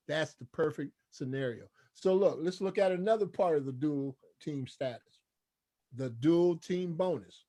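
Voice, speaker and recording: High-voiced man hyping a sales pitch. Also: darkish tone. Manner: preachy, call-and-response; enthusiastic, repetitive hype. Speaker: presenter. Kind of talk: sales presentation.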